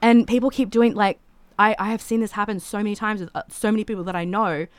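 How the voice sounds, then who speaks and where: Podcast guest, female singer, mid pitch, rambly filler-heavy chat, dry booth sound. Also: fairly even intonation, quick pace, no room sound. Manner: rambling and chatty, with many filler "like"s. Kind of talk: casual chat.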